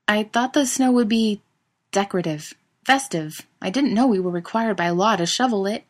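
A woman's voice: lively intonation, moderate pace, lightly acted. A woman reading a story and voicing a theatrical young man who complains dramatically, in a raised voice. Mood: complaining. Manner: exaggerated complaining, higher and louder.

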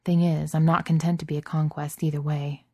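A woman voicing a reserved, earnest soldier man who keeps his hurt under tight control, in a low, mellow voice. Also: little pitch movement, a little fast, slightly rough, dry recording, studio quality.

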